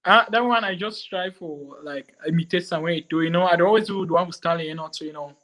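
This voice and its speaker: A man, a comedian chatting in an interview, animated and quick to slip into French. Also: on the high side. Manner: animated, switches into French and mimicry. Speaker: comedian guest. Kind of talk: casual interview chat.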